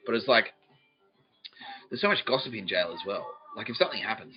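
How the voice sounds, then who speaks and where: Aussie guy rambling on his podcast, swears a lot, keeps cracking up, kinda low voice, dull lo-fi sound. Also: expressive, fast, pauses often. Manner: profane, laughs often, mimics others in quoted asides. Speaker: podcast host. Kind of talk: rambling comic monologue. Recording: dull lo-fi sound, faint music behind.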